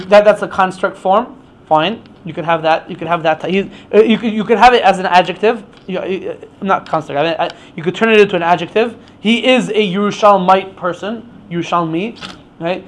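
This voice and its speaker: A man teaching an informal Torah class, explaining with many stammered restarts. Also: high-pitched.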